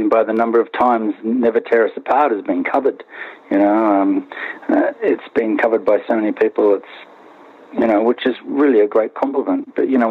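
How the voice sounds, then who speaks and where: Male guest, low-ish voice, chatty and meandering; tinny phone-line sound, no room. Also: no room sound. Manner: rambling, many restarts and "you know"s. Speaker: band member, interview guest. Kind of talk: remote interview, casual recollection.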